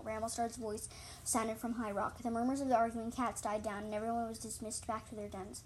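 A woman's voice: on the high side, level tone, brisk, a little hiss or hum. A woman reading her own animal story aloud, often stumbling and repeating words.

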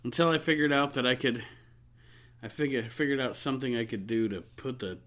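Very deep-voiced joking woman. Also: fairly quick, fairly bright tone. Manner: jokey, likes doing silly voices. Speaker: podcast co-host. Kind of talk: casual chat. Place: living room at home.

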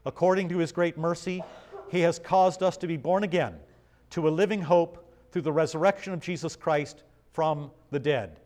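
A man's voice: fairly high pitch, moderate pace, darkish tone, slight background noise. A man preaching a Bible study sermon, reading passages aloud and asking his listeners questions in a conversational way. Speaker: pastor.

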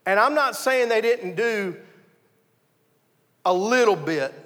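A man's voice: high-pitched, expressive, slow pace, pushed and bright, long reverb tail. A man preaching a conversational sermon, telling his story earnestly and often restarting his sentences. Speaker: pastor.

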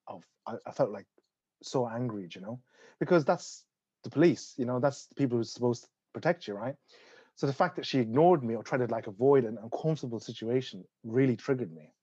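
A young man with an Irish accent tells a long personal story, animated, swearing, and laughing often. His voice is mid-pitched. The recording is dry and somewhat muffled. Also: husky, no echo. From Ireland. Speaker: guest telling a story. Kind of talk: casual storytelling.

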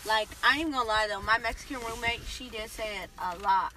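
Young woman, slightly high voice, hesitant, trails off, casual. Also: a little fast, sharp tone, a little hiss or hum. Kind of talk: casual chat.

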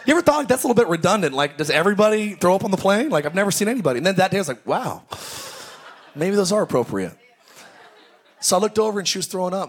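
A man preaching in a high, light voice at a church service. He tells his stories in a loose, personal way. He keeps breaking into loud, shouted exclamations. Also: animated, rapid-fire, husky. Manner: storytelling, bursts into shouted exclamations. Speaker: pastor. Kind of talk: sermon.

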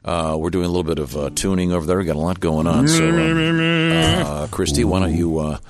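A man's voice: low voice, expressive, brisk. A man hosting a radio show, leading casual banter in the studio and chuckling between lines. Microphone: studio microphone.

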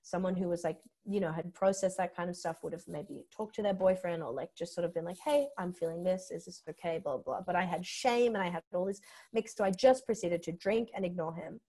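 Young Australian female comedian, candid storytelling, animated delivery with acted-out quotes. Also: lowish voice, fairly quick. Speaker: podcast guest, comedian.

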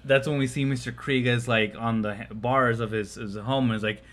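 A man's voice: medium pitch, steady tone, fairly quick, a bit bright. A man co-hosting a podcast, casually retelling a film scene by scene and laughing often. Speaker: podcast co-host. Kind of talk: casual chat recapping a film.

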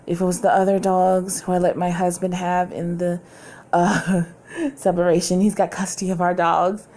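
A woman's voice: on the low side, level tone, moderate pace, mellow, a little hiss or hum. A woman hosting a podcast from home, talking in a candid, chatty way and laughing often. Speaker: podcast host. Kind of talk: casual chat.

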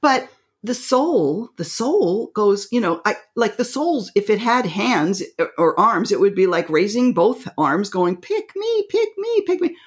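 A woman co-hosting a spiritual podcast, excitable and animated, who acts out little voices and laughs often. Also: medium pitch, measured pace. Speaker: podcast co-host.

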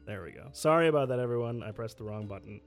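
A man running a tabletop game online as game master, who apologizes and laughs often and slows down to narrate scenes. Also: medium pitch, expressive, vocal fry, soft background music. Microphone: streaming setup.

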